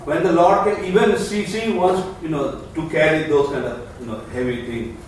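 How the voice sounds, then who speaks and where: A man in a class discussion, telling a short story in a halting way with many fillers, recorded from far away in an echoey room. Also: a little high, fairly even intonation. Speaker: class participant. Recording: echoey room, distant mic, faint noise.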